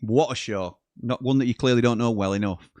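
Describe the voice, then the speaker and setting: A man's voice: mid-range voice, fairly quick, dry recording. A man hosting a live football watchalong, chatting and reading out viewer messages between bits of commentary. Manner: chatty, reads out live chat messages, excitable at goals. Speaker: watchalong host.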